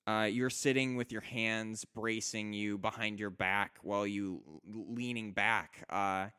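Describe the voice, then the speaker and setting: A young man narrating a tabletop game as game master, halting often with fillers and restarts. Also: lowish voice, a bit bright, clear, resonant tone.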